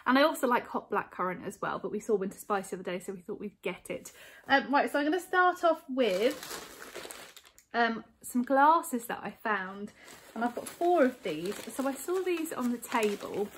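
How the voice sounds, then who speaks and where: A woman's voice: a little high, animated, moderate pace, slight background noise. Chatty woman in her forties. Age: 40s. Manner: chatty, rambling with many fillers. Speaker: vlogger. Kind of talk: casual chat to camera. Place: home, living room.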